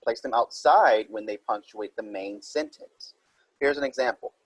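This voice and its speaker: Male teacher, husky voice, dry close recording, patient step-by-step explaining. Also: medium pitch, very animated, normal speed, no room sound, rough recording. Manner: explains step by step, reads example sentences aloud. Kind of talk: recorded writing minilesson.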